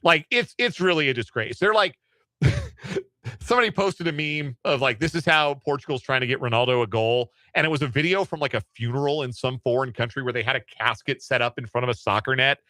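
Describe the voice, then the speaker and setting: A male sports radio host running through the day's scores with a bright, forceful voice. He talks loosely, cracking jokes and correcting himself as he goes. The sound is dry and close on a studio mic. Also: medium pitch, brisk, no echo. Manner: loose, joking, with asides and self-corrections. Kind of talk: sports radio headlines roundup.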